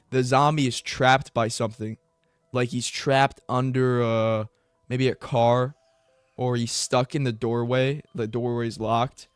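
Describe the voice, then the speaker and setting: A young man riffing loosely on his own, swearing often and rambling from one thought to the next. His voice is smooth and clear, recorded close and dry with faint music underneath. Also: dry recording. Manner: rambling and profane, with bursts of high excited mock voices. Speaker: MMA commentary YouTuber. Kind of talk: casual solo commentary.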